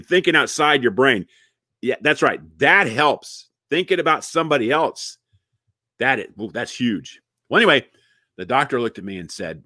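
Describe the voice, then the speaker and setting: A man giving a casual comedic monologue, jokey and animated, repeating words and chatting with his viewers. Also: medium pitch, no echo, studio quality. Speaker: inspirational online comedian.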